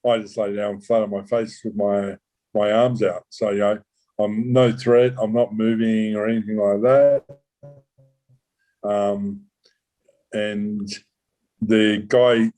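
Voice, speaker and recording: A man, a former undercover cop, recounting a true story in an interview, halting with many restarts and swearing casually. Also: on the low side, warm tone, rough recording. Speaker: former undercover police officer.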